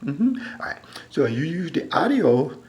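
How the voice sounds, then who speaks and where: A man delivering a rambling, repetitive monologue into a phone, dropping to a low mutter and then rising into loud, emphatic bursts. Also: very animated, measured pace, lo-fi sound. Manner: repetitive, keeps saying "all right". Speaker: self-styled preacher.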